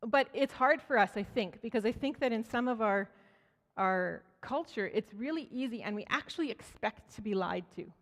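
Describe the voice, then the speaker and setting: A woman's voice: a little high, expressive, normal speed. Woman preaching in a reverberant church. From Canada. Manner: storytelling, acts out quoted voices, frequent restarts. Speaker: speaker at church. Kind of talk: conversational sermon. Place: church sanctuary. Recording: church hall with long reverb.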